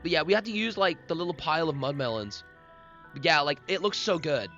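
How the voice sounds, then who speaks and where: A man's voice: a little high, animated, a little fast, fairly bright tone. A man voicing a flirty, gushing female swamp otter who keeps fishing for praise, in a lo-fi recording with faint music behind.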